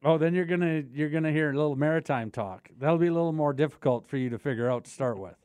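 An easygoing man with a Canadian accent, chatting on sports radio and calmly laying out how the rules work. His voice sits a touch high for a man. The sound is close and dry, with no room around it. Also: fast, smooth, dry recording. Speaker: co-host. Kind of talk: casual sports radio chat.

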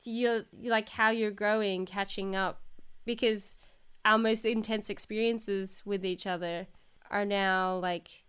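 A young woman co-hosting a podcast in casual chat, talking in loose, restarting sentences full of "like" and quick laughs. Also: mid-range voice, steady tone, fairly bright tone, smooth. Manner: chatty, many likes and restarts, frequent laughter. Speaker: podcast co-host.

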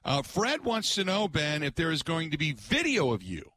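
A man's voice: a little high, normal speed, dry recording. A man hosting a sports radio show, telling stories in a casual chat and laughing often. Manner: laughs often, animated storytelling.

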